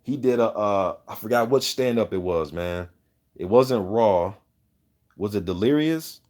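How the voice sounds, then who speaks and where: A man with a fairly low voice hosts an unscripted boxing talk, riffing on viewer comments. He speaks in a loose, profane, opinionated way. He keeps checking in with "you know what I'm saying". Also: expressive, a little slow, a little mellow. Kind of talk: casual unscripted chat.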